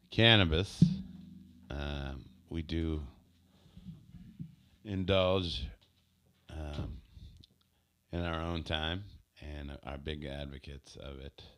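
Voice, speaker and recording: Young American man co-host, very deep voice, slow and relaxed delivery. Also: smooth. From United States. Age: young adult. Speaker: podcast co-host. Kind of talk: casual chat.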